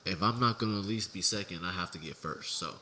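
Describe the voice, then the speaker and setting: A man's voice: sits low, fast talker, pushed and bright. A young man co-hosting a podcast, telling stories casually in a laid-back, profane, slangy way. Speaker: podcast co-host. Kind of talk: casual chat, storytelling.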